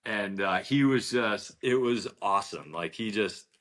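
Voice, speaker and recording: Deep-voiced man telling a lively golf story. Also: a little slow. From New Jersey, US. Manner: animated anecdote-telling with quoted dialogue. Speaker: golf professional, podcast guest. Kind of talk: storytelling interview.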